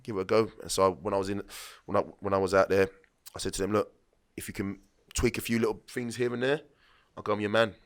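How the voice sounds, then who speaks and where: Here a man in his late thirties, once a footballer and now a podcast guest, talks fast with hardly any pauses in a lowish, flat voice. His casual storytelling wanders through anecdotes, restarts mid-thought and performs the dialogue he quotes.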